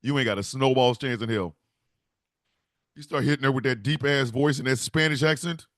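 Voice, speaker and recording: A man's voice: mid-range voice, moderate pace, dry recording, studio quality. Man on a profane comedy rant. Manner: rambling, profane, animated storytelling.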